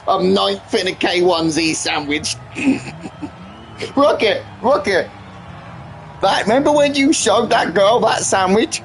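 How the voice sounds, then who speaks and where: A man chatting excitedly on a live game stream, swearing freely and trading teasing banter with his friends. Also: high-pitched, unhurried, vocal fry, a little hiss or hum. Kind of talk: live-stream gameplay chat.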